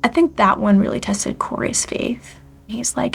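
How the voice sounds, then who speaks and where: A woman in her forties tells her own story candidly and with deep feeling, her voice sitting a little high and carrying a gravelly fry. At times she drops to a near-whisper. Soft music plays faintly beneath her. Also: a little slow. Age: 40s. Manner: candid and emotional, often dropping to a near-whisper. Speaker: church member sharing her testimony. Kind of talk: personal testimony to camera.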